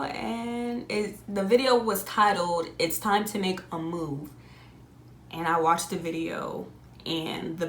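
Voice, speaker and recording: A young adult woman telling a personal story in a casual, animated way, often laughing and jumping up high on exclamations. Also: echoey room. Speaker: vlogger.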